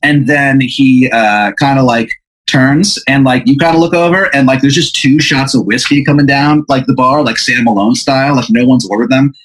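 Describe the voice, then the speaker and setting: A man's voice: medium pitch, moderate pace, a bit bright, low-quality recording. A man hosting a podcast, improvising a comic hypothetical story with a rambling, filler-heavy delivery. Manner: rambling, lots of fillers, laughs mid-sentence. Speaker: podcast host.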